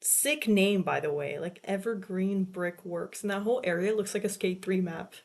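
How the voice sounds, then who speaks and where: A woman's voice: mid-range voice, normal speed, darkish tone. A young woman in her late teens chatting casually in a vlog, rambling and swearing, with lots of "like" filler. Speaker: vlogger. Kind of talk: casual chat.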